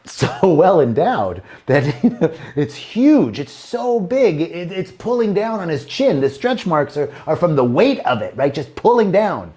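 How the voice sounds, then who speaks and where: A man's voice: fairly high pitch, very animated, measured pace, dark tone. A man telling jokes live to an online audience in a loose, rambling way. He restarts his sentences, trails off, and laughs at his own punchlines as he goes. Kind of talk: casual joke-telling on a livestream.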